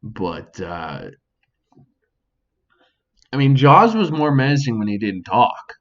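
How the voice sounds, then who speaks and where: A man's voice: medium pitch, very animated, takes it slowly, lo-fi sound. A man hosting a casual solo podcast, swearing freely and speaking to an imagined audience, recorded at home. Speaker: podcast host. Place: home near a sink.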